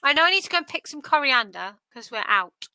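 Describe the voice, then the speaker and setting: A woman's voice: high-pitched, very animated, fast, pushed and bright, poor audio. A tired woman hosting a live quiz, chatty and self-deprecating. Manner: chatty, self-deprecating, sing-song repetition. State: tired, yawning. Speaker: quiz host. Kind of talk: casual quiz livestream chat.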